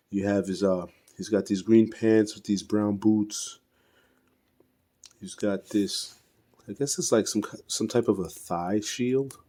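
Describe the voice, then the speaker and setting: A man's voice: on the low side, warm tone. A man casually reviewing an action figure, rambling with many fillers and restarts and stumbling over names he can't pronounce. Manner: self-deprecating, fumbles pronouncing names. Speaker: toy reviewer. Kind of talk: casual unscripted toy review.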